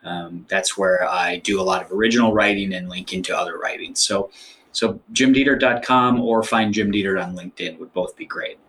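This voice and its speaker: A man's voice: low-pitched, brisk, fairly bright tone. A man as an author guest in an interview, explaining ideas thoughtfully with frequent fillers. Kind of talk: interview conversation.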